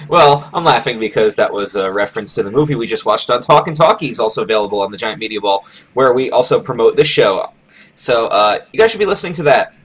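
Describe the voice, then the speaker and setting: A man hosting a podcast in casual chat, talkative and quick to laugh. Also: medium pitch, lively intonation, fairly bright tone, breathy edge, low-quality recording. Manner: chatty, laughs easily. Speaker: podcast host.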